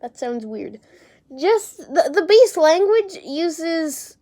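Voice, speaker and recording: A woman's voice: very high voice, big pitch swings, slow pace, warm tone. A young woman talking casually to camera, rambling and unsure, with casual swearing and lots of fillers. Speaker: vlogger.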